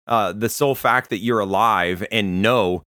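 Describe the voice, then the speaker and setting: A man's voice: fairly low pitch, a little slow, bright, forceful tone, no echo, clean studio sound. A man, a pastor, preaching a sermon in a conversational, storytelling way. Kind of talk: sermon to listeners.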